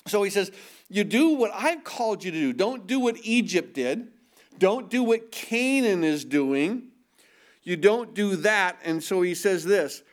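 A man preaching a sermon in an earnest way, often repeating himself and asking the audience questions. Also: high voice.

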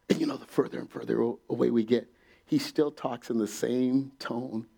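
A man preaching a sermon in a church, animated and laughing often, acting out quotes and dropping to a whisper at times. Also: mid-range voice, normal speed, vocal fry, breathy edge.

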